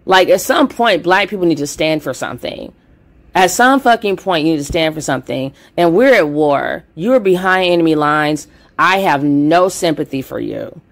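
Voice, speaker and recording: A woman's voice: low-pitched, expressive, normal speed. A woman giving a blunt, heated commentary monologue, with frequent swearing. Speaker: commentary vlogger.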